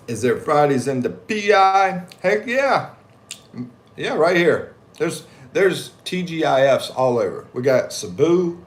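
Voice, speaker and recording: Animated man chatting on a livestream. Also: fairly high pitch, slow. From United States. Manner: animated, slangy, jokey, reads chat aloud. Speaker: livestream vlogger. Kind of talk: casual livestream chat. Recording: echoey room, faint background ambience.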